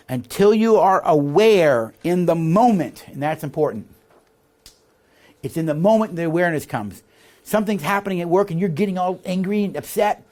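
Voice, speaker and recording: A man teaching a leadership course, explaining ideas, reading passages from the text and checking in with his listeners. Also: a little high. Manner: animated, asks the audience for agreement with "all right?" and "see?". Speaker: leadership instructor. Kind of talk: recorded teaching lecture.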